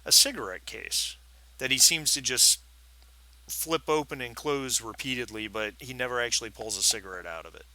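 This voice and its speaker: A man's voice: medium pitch, moderate pace, pushed and bright. A man narrating as game master in a tabletop role-playing game, thoughtful, with frequent fillers.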